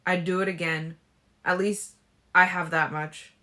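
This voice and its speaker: A woman reading an injured, jealous teenage boy in a fan audiobook, loud and blunt. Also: lowish voice, level tone, unhurried. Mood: defiant.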